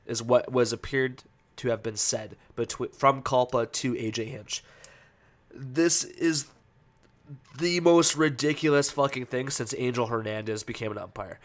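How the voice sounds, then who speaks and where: Guy hosting a podcast, mid-pitch voice, rambly with lots of uhs, gets worked up and swears a bunch. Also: unhurried. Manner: ranting, profane, heated; loose, hesitant with many fillers. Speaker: podcast host. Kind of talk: casual podcast commentary.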